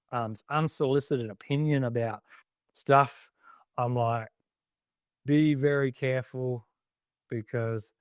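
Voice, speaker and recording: Aussie bloke chatting on a podcast, earnest and thoughtful, lots of "like", dry close sound. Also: male voice, mid-range voice, no room sound. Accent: Australian. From Australia. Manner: earnest, reflective, loose with many fillers. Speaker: guest, army veteran. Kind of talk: casual podcast interview.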